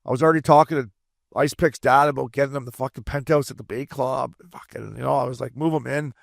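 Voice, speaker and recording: Swearing, animated former player co-host. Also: male voice, medium pitch, fast, vocal fry, no echo, clean studio sound. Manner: swears a lot, animated impressions. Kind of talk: casual hockey podcast banter.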